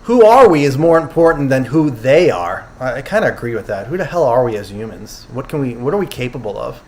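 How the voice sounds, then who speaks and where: A man's voice: medium pitch, sing-song, a little fast, slight background noise. A man hosting a casual livestream, recapping a conference and taking questions from his audience. He loosely paraphrases what speakers said and often corrects himself. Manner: chatty, quotes speakers loosely, self-correcting. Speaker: host summarizing a conference.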